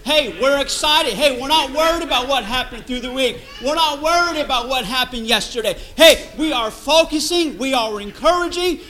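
A pastor preaching in an emphatic, conversational way, hammering phrases again and again. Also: male voice, very high voice, normal speed, hardly any pauses, pushed and bright, a little hiss or hum, low-quality recording. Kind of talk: sermon.

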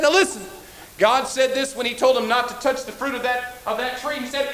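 A man preaching a sermon with passion, repeating phrases and swinging between loud and soft. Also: extremely high pitch, fairly quick, echoey room, poor audio.

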